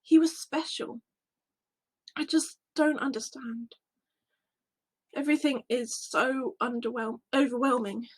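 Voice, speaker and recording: Woman telling a bible story like she was there, high breathy voice, really emotional. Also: fairly even intonation, measured pace, long pauses. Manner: emotional, breathless wonder and fear. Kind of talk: first-person dramatized Bible story narration.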